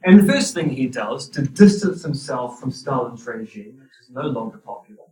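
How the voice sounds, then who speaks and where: In a lecture hall, a man with a New Zealand accent gives a university lecture with wry, dry humor. His medium-pitched, darkish voice has lively intonation and a moderate pace, picked up by a distant mic in a roomy hall.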